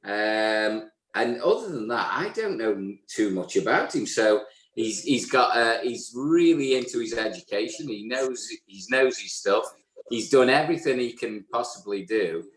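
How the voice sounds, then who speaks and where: Hesitant co-host in an echoey room. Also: male voice, mid-range voice, lively intonation, measured pace. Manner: hesitant, filler-heavy, friendly. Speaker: podcast co-host. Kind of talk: live show chat. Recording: roomy echo.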